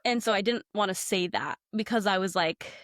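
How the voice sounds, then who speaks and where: A woman's voice: medium pitch, brisk, no echo, clean studio sound. A woman guest on a podcast telling a ghost story casually, acting out quotes and saying "like" a lot. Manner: animated, acts out quotes, many "like" fillers.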